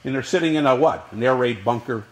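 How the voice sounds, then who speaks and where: Lively, echoing male history lecturer. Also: medium pitch, fast talker. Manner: lively lecturing with rhetorical questions. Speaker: history professor. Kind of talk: classroom lecture. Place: college classroom.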